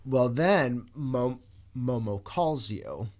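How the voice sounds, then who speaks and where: A man co-hosting a podcast, telling a story in casual chat, animated and swearing freely. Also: medium pitch, very slow. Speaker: podcast co-host.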